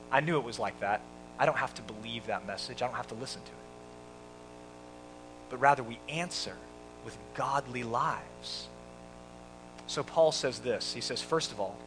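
A man's voice: a little high, fairly bright tone, a little hiss or hum, poor audio. A man preaching a sermon in church, explaining a scripture passage and acting out a quoted scene for the congregation. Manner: preaching with dramatic quoted voices. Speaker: pastor.

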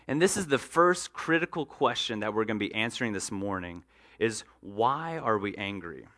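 Male pastor, mid pitch, bright tone, earnest sermon delivery. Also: moderate pace. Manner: earnest preaching, acts out everyday scenes.

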